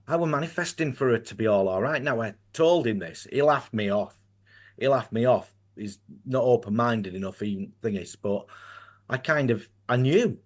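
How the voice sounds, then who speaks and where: A man with a broad Yorkshire accent, speaking as a guest in an easygoing chat. He sounds earnest and tends to ramble, circling back and restarting his sentences as he goes. His voice sits at a middling pitch. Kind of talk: casual conversation.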